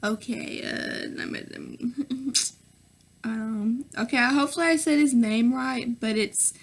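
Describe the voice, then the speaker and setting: A woman's voice: on the high side, normal speed. Chatty young Southern woman vlogger. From Nashville, Tennessee. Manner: chatty, full of fillers and "girl", "sis", "y'all"; laughs often between answers. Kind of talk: casual Q&A vlog.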